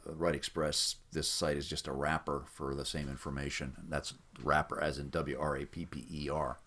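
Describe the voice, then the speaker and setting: A man walking through websites in an unscripted screen-recorded demo, explaining in a mildly skeptical tone and filling pauses with "uh". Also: extremely low pitch, level tone, a bit bright. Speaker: website presenter for a rhyming site. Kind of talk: casual screen-recorded walkthrough.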